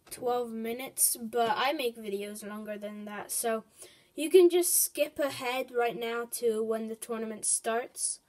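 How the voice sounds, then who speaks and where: Nervous high-voiced woman gaming host. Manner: nervous, excitable, swings from loud to hushed. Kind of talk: casual gaming commentary.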